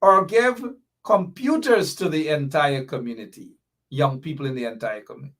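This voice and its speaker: A man's voice: on the high side, moderate pace, fairly bright tone. A middle-aged man with a Guyanese accent hosting a political commentary livestream, impassioned and reading viewer comments aloud. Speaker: show host.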